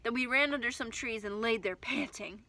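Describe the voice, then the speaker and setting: A woman reads a first-person children's story with lively, expressive delivery. Her voice is bright and somewhat high. She acts out the shouted moments with energy. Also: moderate pace, dry recording.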